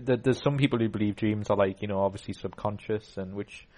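A man's voice: on the low side, fast, a little mellow. A man hosting a casual podcast, telling a rambling story full of fillers and restarts. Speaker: podcast host.

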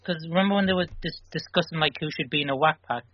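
A man's voice: a little high, very fast. Hesitant man in a podcast chat. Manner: loose, hesitant storytelling. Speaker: podcast co-host. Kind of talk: casual chat. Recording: dull lo-fi audio with faint noise.

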